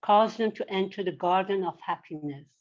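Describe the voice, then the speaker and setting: A woman sharing a remembrance at a memorial and then slowly reciting a prayer. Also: mid-range voice. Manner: slow and earnest, reciting a prayer. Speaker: memorial speaker. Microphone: video call. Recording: dull lo-fi video call audio.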